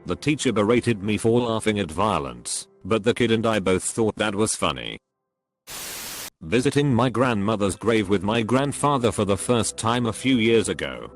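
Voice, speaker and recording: A man with a fairly low voice reads out one short story after another in a steady, even narration. Soft music plays quietly behind him the whole time. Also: moderate pace. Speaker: narrator reading online stories. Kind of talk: scripted narration. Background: faint background music.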